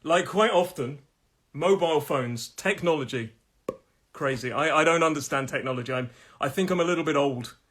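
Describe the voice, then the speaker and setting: A middle-aged man from England leads a live pronunciation lesson, his voice sitting a little high for a man. He chats freely, says each word slowly several times, and sounds as though he is losing his voice. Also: a bit bright. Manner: chatty, repeats each word slowly, laughs at own jokes. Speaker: pronunciation teacher.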